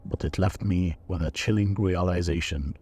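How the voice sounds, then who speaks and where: A man reading a scripted first-person horror story in a slow, measured, even delivery. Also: low voice, faint music behind. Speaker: narrator.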